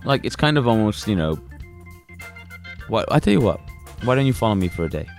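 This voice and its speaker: Male podcast co-host, lower voice, blunt, swears, quick asides. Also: big pitch swings, soft background music. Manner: blunt, profane, chiming in with quips. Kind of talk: casual podcast chat.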